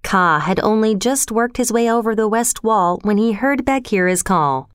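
A woman narrating a storybook in a calm, expressive reading. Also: mid-range voice, moderate pace, smooth, no room sound, studio quality.

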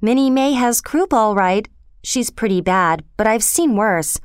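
A woman's voice: on the high side, animated, measured pace, clean tone, no room sound, clean studio sound. A woman voicing an imaginative, talkative young orphan girl in a storybook reading, earnest and dramatic. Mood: urgent. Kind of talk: storybook character voice.

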